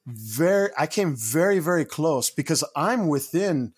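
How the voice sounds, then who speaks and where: A man co-hosting a podcast, telling a story in casual chat with animated, rising indignation. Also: a little high, a little slow, husky. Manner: animated, rising to loud indignation when quoting himself. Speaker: podcast co-host.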